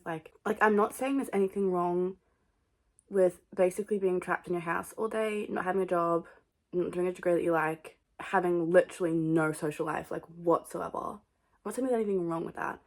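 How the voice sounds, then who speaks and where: A young woman talks straight to her camera in a loose, rambling vlog chat. She tells everyday stories with lively, animated energy and peppers nearly every phrase with "like.". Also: lowish voice, moderate pace. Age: young adult. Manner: rambling, full of "like" fillers, animated storytelling. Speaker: vlogger.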